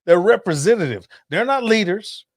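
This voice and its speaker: A man in his fifties riffs through a casual podcast, animated, profane and quick to laugh. His voice sits fairly high for a man, and the sound is dry and close with no room around it. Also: no room sound. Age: 50s. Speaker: podcast host. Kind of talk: casual livestream podcast chat.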